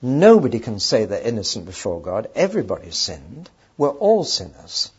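A man voicing a gentle, pious elderly sage who pleads calmly and persuasively. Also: on the low side, moderate pace, slightly rough, full character voice. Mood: gently pleading. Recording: dull lo-fi recording.

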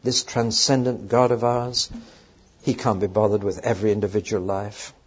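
A man voicing a gentle, pious elderly sage who pleads calmly and persuasively. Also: fairly low pitch, normal speed, breathy edge. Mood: dismissive. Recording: dull lo-fi recording.

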